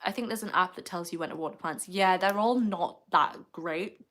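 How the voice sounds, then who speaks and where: A woman's voice: on the low side, a bit bright. A young woman hosting a casual livestream, chatting loosely and laughing often as she reads viewer comments aloud. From United Kingdom. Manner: chatty and rambling, quick to laugh. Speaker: livestream host.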